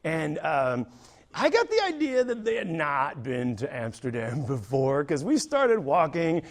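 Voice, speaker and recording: A male stand-up comedian telling a story on a theater stage, animated and acting out the people in it. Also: on the high side, measured pace. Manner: animated, acts out characters.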